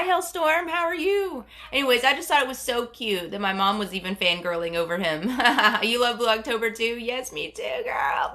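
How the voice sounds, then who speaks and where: A stuffy-nosed woman runs a casual livestream, going through viewer comments and rambling chattily with lots of fillers. Her voice is on the high side, with a sharp tone.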